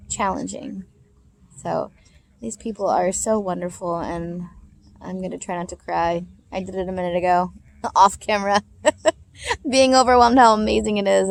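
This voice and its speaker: A woman's voice: medium pitch, vocal fry, slight background noise. A woman talking in a loose, rambling, heartfelt way, chatting casually in a vlog. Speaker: parent vlogger.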